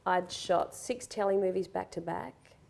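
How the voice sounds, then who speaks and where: A woman's voice: on the low side, a little slow, gravelly, darkish tone. A middle-aged woman talking candidly as a guest in a conversational interview, open and reflective, often quoting herself and others.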